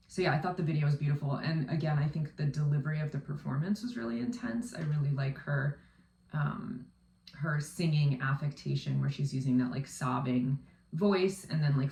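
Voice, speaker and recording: A woman's voice: low-pitched, darkish tone, a little hiss or hum. A woman in her thirties, a vocal coach, chatting casually as she reacts to a music video, with lots of ums and likes. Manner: chatty, filler-heavy with frequent um and like. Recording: roomy echo, off-mic distance.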